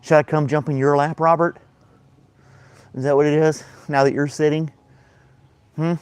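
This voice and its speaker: A man's voice: level tone, moderate pace, smooth, no echo. A man hosting a casual morning live stream, talking playfully to his dog and catching his breath between bursts of play. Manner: playful baby-talk to his dog, high and loud. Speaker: host.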